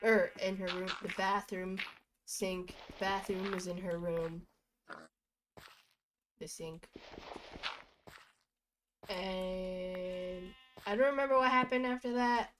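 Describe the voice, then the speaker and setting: A woman's voice: mid-range voice, fairly even intonation, takes it slowly, long pauses, noisy background. A young woman streaming from home, rambling through goofy stories in a casual chatty way. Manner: chatty, goofy storytelling with bursts of laughter. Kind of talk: rambling casual chat while gaming.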